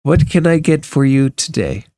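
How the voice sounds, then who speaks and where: A man's voice: a little high, lively intonation, moderate pace, warm tone, no room sound, clean studio sound, voice pushed up. A man voicing a hospitable female innkeeper in a tabletop game, motherly in manner. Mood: welcoming. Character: warm welcoming female innkeeper.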